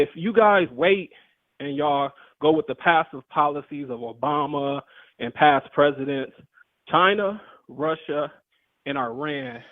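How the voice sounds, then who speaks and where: A man in his forties calling into a debate show, speaking hesitantly with fillers. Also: on the high side. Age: 40s. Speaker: caller. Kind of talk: phone-in debate. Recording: tinny phone line.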